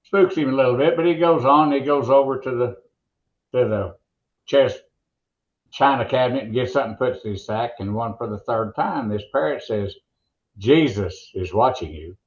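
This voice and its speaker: A man's voice: medium pitch, moderate pace, highs cut off. An older man with an Oklahoma accent, a former announcer telling stories and jokes in a folksy, rambling way. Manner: folksy, rambling joke-teller. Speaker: guest, former monster truck announcer. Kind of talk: casual interview storytelling.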